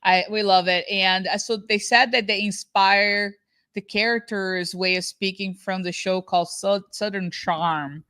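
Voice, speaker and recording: A woman's voice: mid-range voice, steady tone, unhurried, pushed and bright, no room sound, studio quality. A woman co-hosting a casual reaction podcast, chatty and talking with many restarts. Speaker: podcast co-host.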